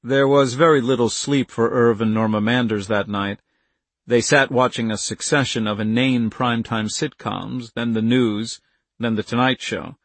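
A man narrating an audiobook in a measured, even storytelling manner. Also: mid-range voice, no echo. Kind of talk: scripted narration.

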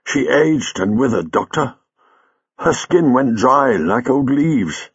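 A man's voice: medium pitch, lively intonation, slow pace, breathy edge, dull audio, pitched above the performer's own voice, exaggerated voice. A man voicing a direct young warrior woman. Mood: earnest.

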